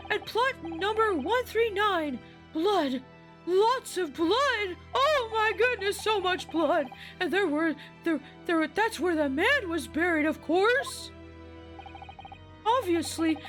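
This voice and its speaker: A frightened prison warder stammers through his words, slow and choked with tears, as a woman puts him on. The voice sits very high and drags, with soft game music underneath. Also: animated, full character voice. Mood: frantic. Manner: stammering, weeping, slow halting lines. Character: distraught male prison warder, stammering and fearful. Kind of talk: voicing game dialogue on a live stream.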